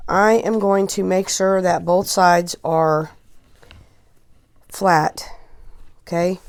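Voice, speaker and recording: A woman's voice: medium pitch, a little mellow, clear, resonant tone. A woman in her forties giving a rambling, chatty sewing tutorial, often checking in with "okay?" and close to tears at times. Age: 40s. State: emotional, holding back tears. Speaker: crafting tutorial host. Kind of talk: casual how-to instruction.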